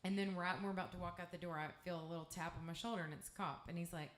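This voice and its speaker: Her voice runs somewhat low with mostly even intonation, and the words come out rapid-fire. She's an East Texas woman with the matching accent, playing a club as a guest singer-songwriter and spinning a candid, profane, meandering tale between numbers, all captured in an echoey room.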